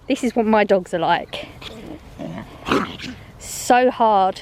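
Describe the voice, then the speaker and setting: A woman chats away to her handheld phone as she walks her dogs outdoors, her voice sitting slightly high. She rambles, laughs often and sounds a bit out of breath. Faint outdoor noise runs underneath. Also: takes it slowly, long pauses. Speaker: vlogger. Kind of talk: rambling chatty vlog on a dog walk. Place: outdoors on a walk.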